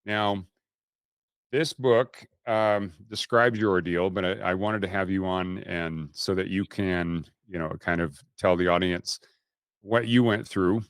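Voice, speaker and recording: A man hosts a podcast interview in a fairly low voice, recorded dry and close. He introduces his guest in a loose, slightly rambling way. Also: steady tone, measured pace, smooth, dry recording. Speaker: host.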